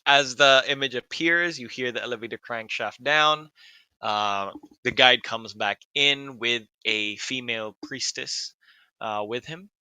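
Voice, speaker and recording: A man narrating as game master of a tabletop role-playing game, describing scenes calmly. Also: mid-range voice, unhurried, clean tone, no echo, rough recording. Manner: calm descriptive narration with fillers.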